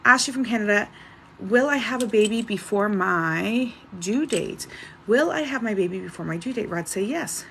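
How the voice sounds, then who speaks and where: A woman hosting a live-stream psychic reading, briskly reading out viewers' names and questions in a chatty, casual way. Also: medium pitch, animated, creaky, fairly bright tone, a little hiss or hum. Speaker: psychic livestream host.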